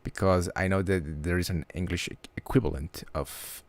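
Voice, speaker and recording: Slow, gravelly, deep-voiced man. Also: steady tone, dry recording. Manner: halting, many restarts and repeated words. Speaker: livestream host. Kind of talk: casual livestream chat.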